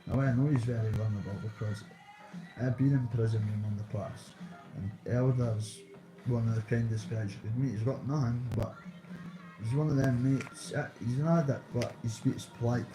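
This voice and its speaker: A man's voice: medium pitch, fairly even intonation, normal speed, music in the background, low-quality recording. A man in his thirties with a Dundee Scottish accent, rambling through casual street stories in slang with swearing. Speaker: vlogger.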